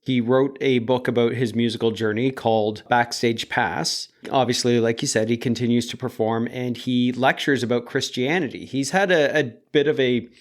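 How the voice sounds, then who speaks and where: A man's voice: mid-range voice, fairly even intonation, moderate pace, few pauses. A man co-hosting a podcast, chatting casually, laughing easily and telling stories. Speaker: podcast co-host. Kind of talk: casual chat.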